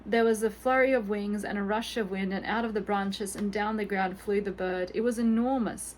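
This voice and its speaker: A woman reading a children's storybook aloud in a gentle, expressive bedtime-story manner. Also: medium pitch, moderate pace, slight background noise, rough recording.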